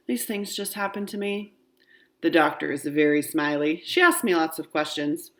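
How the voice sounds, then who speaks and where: A woman with a low voice reads a children's chapter book aloud. Her first-person narration is expressive and story-like. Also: moderate pace. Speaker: storybook reader.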